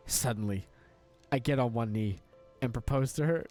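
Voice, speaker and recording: Deadpan male reader of internet stories, faint music bed. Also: mid-range voice. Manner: deadpan, breaks into laughter. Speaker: story reader. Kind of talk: reading an online story aloud.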